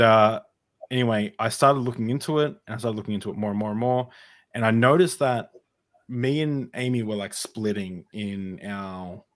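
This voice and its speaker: Rambling man telling his story, low voice. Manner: rambling, halting, with many fillers and restarts. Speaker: podcast guest. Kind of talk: casual personal storytelling in an interview.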